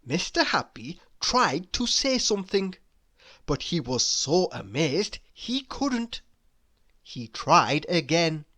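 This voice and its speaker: Woman reading a children's story aloud, very slow, lively sing-song pitch, teasing asides. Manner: playful, teasing asides to the listener.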